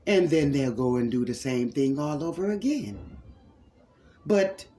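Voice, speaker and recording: Man, spiritual healer-preacher, slightly higher voice, slow fervent sermon, repeats phrases, calls listeners loved ones. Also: expressive, mellow, soft background music.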